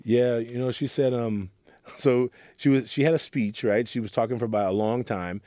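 This middle-aged man mentors youth in Oakland, California, and tells his story earnestly during a reflective interview, acting out the lines he quotes. His mid-range voice has a dark, steady tone at a moderate pace, and the recording is dry with clean studio sound.

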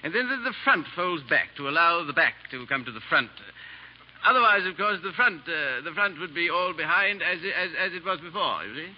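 An actor playing a vain, silly baronet with an affected, dithering drawl, in a 1930s radio drama. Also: male voice, on the high side, lively intonation, brisk, a little hiss or hum, lightly acted. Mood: foppish. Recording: dull old radio broadcast.

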